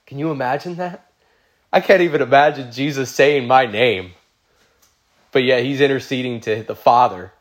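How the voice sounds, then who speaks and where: A man's voice: mid-range voice, moderate pace. A man preaching a sermon, reading scripture aloud and explaining it in an earnest way that builds through repeated phrases and turns emotional.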